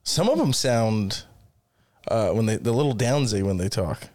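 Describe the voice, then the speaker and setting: A man's voice: lowish voice, lively intonation, normal speed, darkish tone. A man co-hosting a casual chat podcast, blunt and profane with a joking manner. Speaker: podcast co-host.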